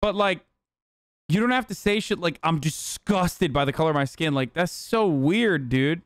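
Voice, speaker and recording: A man's voice: a little high, expressive, normal speed, clean tone, no room sound, studio quality. A man hosting a live stream, reacting to clips in a casual, profane and exasperated way. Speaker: streamer host.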